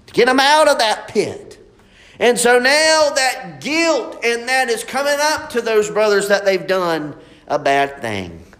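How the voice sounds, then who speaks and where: A man's voice: on the high side, fairly bright tone. A man preaching a sermon in a folksy, emphatic way, repeating his points.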